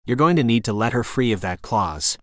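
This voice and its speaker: A man's voice: medium pitch, lively intonation, a little fast, no echo, studio quality, lightly acted. A man voicing a blunt, resolute adult man in an audiobook romance, speaking firmly and directly. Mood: insistent. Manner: firm and direct. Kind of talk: audiobook character voice.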